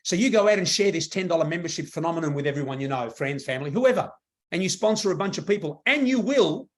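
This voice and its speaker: A man giving an enthusiastic motivational sales pitch to a live audience, repeating himself for emphasis. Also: expressive, quick pace. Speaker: presenter at a business meeting.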